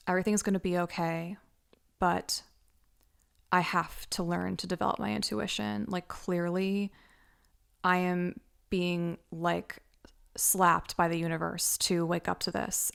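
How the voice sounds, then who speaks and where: A woman's voice: lowish voice, creaky, clean tone. A woman casually telling a personal story, chatty and loose, with lots of "like" and "um" fillers. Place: Los Angeles.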